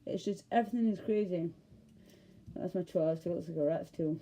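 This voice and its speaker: This is a Scottish woman ranting casually to camera, worked up and rambling, with swearing and sentences cut off mid-thought. Her mellow voice is fairly low and quick, and a little hiss or hum can be heard. She records as a vlogger.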